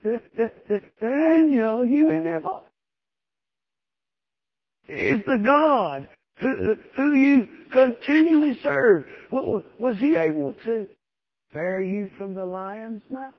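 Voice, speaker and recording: A man's voice: very high voice, animated, slow, vocal fry, no room sound, highs cut off, voice pushed up, heavily acted. A man preaching acts out a frightened ancient king, stammering and lamenting as he calls into a pit. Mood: anguished. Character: frantic stammering ancient king, male, fearful.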